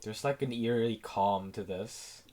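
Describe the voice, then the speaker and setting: A man's voice: on the low side, measured pace, warm tone. A man co-commentating a game in a playful, teasing, sarcastic way. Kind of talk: casual let's-play commentary.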